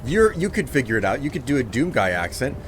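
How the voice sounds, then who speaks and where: A man's voice: mid-range voice, sing-song, fast talker, a little hiss or hum. A man streaming a game live, chatting casually with viewers, thanking them for gifts and sounding exasperated at their requests.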